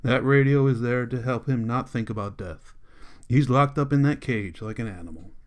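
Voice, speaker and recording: A man's voice: mid-range voice, close to an everyday voice. A man voicing a frustrated young schoolteacher who argues earnestly and with passion. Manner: earnest, impassioned arguing.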